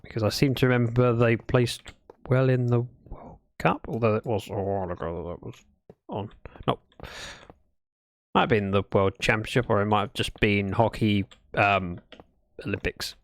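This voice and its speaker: Speaking at normal speed with long pauses, this Minecraft streamer has a mid-range voice and a dry, echo-free sound. The talk is chatty and playful, with small stories told during gameplay.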